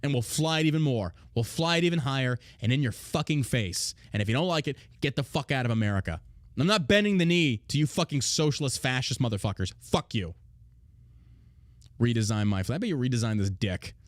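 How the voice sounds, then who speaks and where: A man hosting a podcast, talking in a blunt, heavily profane casual rant with loud, mocking outbursts. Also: mid-range voice, expressive, brisk, no echo, clean studio sound. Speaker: podcast host.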